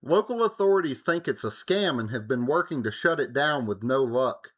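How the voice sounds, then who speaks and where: A man's voice: mid-range voice, lively intonation, moderate pace, fairly bright tone. A young adult man co-hosting a podcast, recapping an episode with joking asides. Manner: joking, summarizes plot with playful asides. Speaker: podcast co-host. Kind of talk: casual chat and episode recap.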